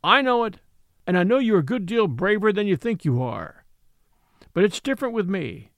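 A man voicing a large, gentle and nervous male elephant with a gurgly, rumbly voice, mild and thoughtful. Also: big pitch swings, normal speed, creaky, no echo, clean studio sound, full character voice.

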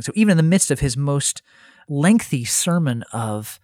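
A man's voice: fairly high pitch, sing-song, normal speed, darkish tone, no room sound, clean studio sound. A man giving a conversational Bible teaching, earnest and thinking aloud, often restarting his phrases. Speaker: Christian teacher.

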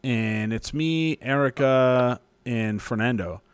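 A man's voice: mid-range voice, takes it slowly, clean tone. Rambling storytelling man from New Mexico. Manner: rambling, profane, laughing often. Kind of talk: casual storytelling chat.

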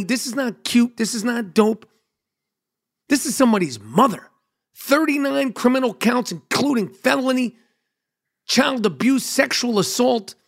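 A man's voice: high-pitched, gravelly. A man hosting a comedy podcast, riffing through a monologue in a hyped-up, profane, joking way. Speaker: podcast host.

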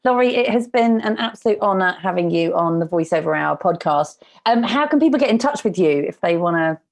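A woman's voice: fairly low pitch, lively intonation, fairly quick, creaky. A woman hosting a podcast interview, enthusiastic and affirming. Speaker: podcast host. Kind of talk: casual interview chat.

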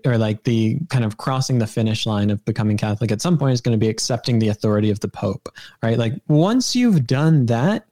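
A man's voice: medium pitch, mellow. A man who is a podcast guest, laying out his reasoning carefully in a casual conversation. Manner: thoughtful, reasoned explanations with "kind of" hedges.

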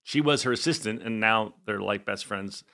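Bright-voiced man telling a rambling story. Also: on the low side, moderate pace, creaky. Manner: rambling, animated storyteller with filler words. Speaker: podcast co-host. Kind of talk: casual rewatch podcast chat.

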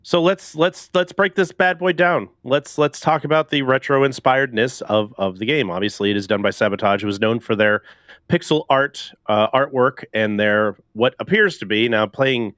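A man's voice: medium pitch, normal speed, a bit bright, no room sound, studio quality. A man hosting a casual gaming podcast, rambling loosely and laughing often. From Canada. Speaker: podcast host.

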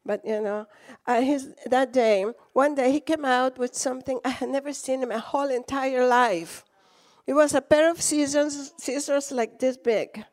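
High-voiced Latina woman preaching. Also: normal speed. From Latin America. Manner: animated storytelling, acts out quotes, laughs often. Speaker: guest preacher. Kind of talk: sermon with storytelling.

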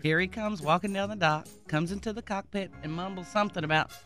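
A man's voice: high-pitched, fast, pushed and bright, soft background music. A man on a morning radio show reading out a listener's comic letter, laughing as he goes. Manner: laughing through a comic story.

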